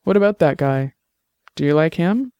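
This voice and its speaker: A man voicing a blunt, conflicted middle-aged man in an audiobook drama, talking in a halting, earnest way. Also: on the high side, lively intonation, warm tone, clean tone, no echo, close to an everyday voice.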